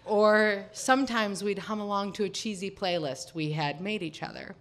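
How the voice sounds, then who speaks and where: A woman's voice: mid-range voice, moderate pace. A woman in her thirties tells a personal story from her teens. She speaks in a wry, confiding way and often slips in amused, laughing asides.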